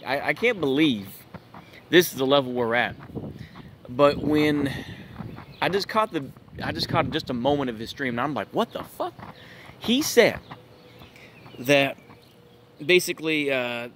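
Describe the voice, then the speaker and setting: An American man with a medium-pitched, slightly bright voice rants on his own channel as a political commentator, sounding exasperated and incredulous. He leans heavily on fillers like "it's just like" and "bruh," with slight background noise.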